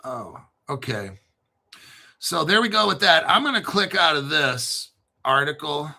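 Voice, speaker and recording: A man hosting a casual online talk show, talking in a profane, animated way. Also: fairly high pitch, normal speed, gravelly. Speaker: crypto channel host. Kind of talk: casual livestream chat.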